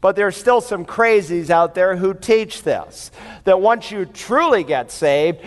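A man's voice: sits high, animated, unhurried, long reverb tail. A man preaching a sermon, telling a story and then working through verses in an emphatic, conversational way. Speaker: pastor.

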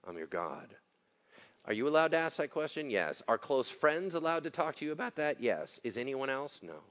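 A man's voice: on the high side, lively intonation, fairly quick, muffled recording. A man preaching a sermon as pastor, talking casually and bluntly and acting out the people he quotes.

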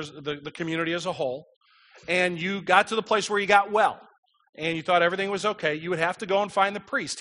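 A man's voice: high voice, bright, forceful tone. A man preaching a sermon, reading scripture aloud and explaining it, his voice rising with emphasis.

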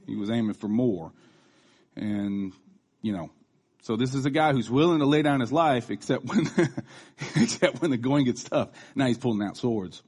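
A preacher in his thirties, with a mid-range, slightly mellow voice and a breathy edge, gives a casual, conversational sermon. He's chatty, full of restarts and asides, and acts out quoted voices.

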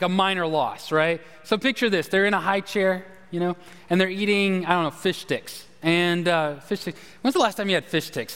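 A man's voice: sits high, fairly bright tone. A man preaching a live sermon, chatty and conversational, often asking the congregation questions and acting out everyday quotes. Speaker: pastor. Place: church hall. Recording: long reverb of a church hall.

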